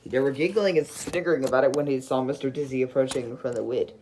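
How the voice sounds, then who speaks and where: An unpolished storybook reader who giggles often and trips over words while reading aloud. The voice sits in a middling pitch, and a faint hiss runs under the recording. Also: quick pace, a little mellow, low-quality recording. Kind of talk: casual storybook read-along.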